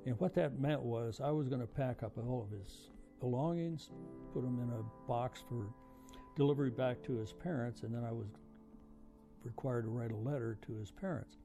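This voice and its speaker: An older veteran with a gravelly, creaky voice tells his story slowly and reflectively. He pauses often with "uh" fillers as he recalls events. Music plays clearly beneath his voice. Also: mid-range voice. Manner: halting, reflective, frequent uh fillers. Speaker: veteran recounting memories. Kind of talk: oral history storytelling. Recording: music playing under voice.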